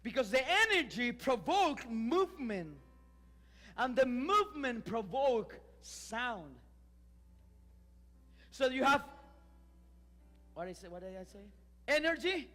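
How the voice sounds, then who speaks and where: A male pastor, preaching a lively sermon full of restarts and emphatic rises. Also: extremely high pitch, slow, long pauses, long reverb tail. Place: church sanctuary.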